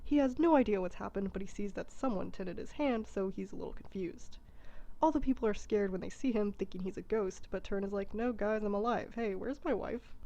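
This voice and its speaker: A woman's voice: medium pitch, fairly quick, dark tone, rough recording. A woman narrating a comedic abridged retelling in a casual, irreverent way.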